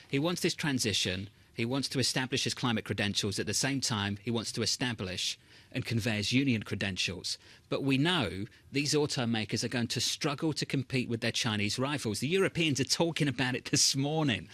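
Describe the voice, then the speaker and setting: A man anchoring a financial news broadcast from a studio, delivering market headlines briskly and pressing his co-hosts with probing questions. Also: mid-range voice, a bit bright, dry recording.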